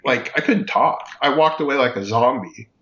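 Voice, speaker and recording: Halting man telling a story in a roomy room. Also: medium pitch, fairly bright tone. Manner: halting, many fillers and restarts. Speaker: guest. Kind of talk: casual storytelling. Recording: muffled, roomy recording.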